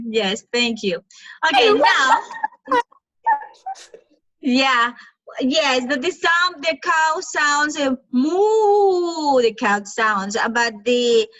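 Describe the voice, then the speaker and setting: High bright-voiced teacher woman. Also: no echo, highs cut off. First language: Spanish. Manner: repetitive and coaxing, mimics animal sounds. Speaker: English teacher. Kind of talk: online children's class. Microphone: video call.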